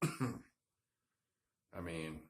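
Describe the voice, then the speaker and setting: Man, vlogger, very deep, gravelly, slow, rambling, self-deprecating. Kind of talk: casual storytelling vlog.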